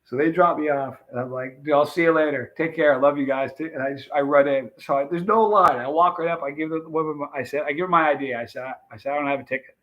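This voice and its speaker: A middle-aged American man hosting a livestream tells his chat a rambling story, acting out the quotes and restarting often. His voice is a little high and he talks fast with hardly any pauses. The audio sounds dull.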